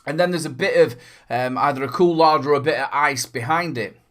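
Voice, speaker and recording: A cheery man who hosts a vape review channel chats casually to the camera at a brisk clip. His pitch is slightly higher than usual for a man, and his talk meanders in an upbeat way, peppered with playful remarks.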